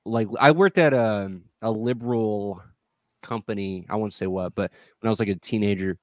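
A man's voice: on the low side, normal speed, no room sound. A man hosting a podcast in crude, profane, rambling casual chat. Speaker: podcast host.

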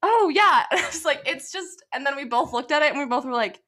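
A woman's voice: high-pitched, fast talker. A young woman and mother, co-hosting a podcast and telling stories in casual chat, acting out quotes as she goes. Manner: animated storytelling with laughs and acted-out quotes. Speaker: podcast co-host, photographer.

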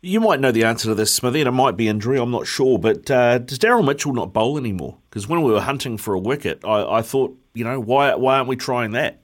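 A male radio host chats with a guest in a relaxed, matey tone. He keeps things easygoing and friendly. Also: mid-range voice, fast talker, hardly any pauses. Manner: matey, easygoing, says mate often. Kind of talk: casual radio chat.

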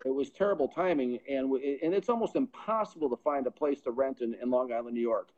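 A middle-aged man, a pro football scout appearing as a podcast guest, speaks quickly in a mid-range, darkish voice. He earnestly shares a personal testimony, often repeating words as he builds momentum. The audio is dull and lo-fi.

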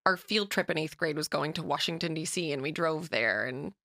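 A woman from outside Boston, co-hosting a podcast in casual, animated chat. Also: low-pitched, fairly quick. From New England, outside Boston. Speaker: podcast co-host.

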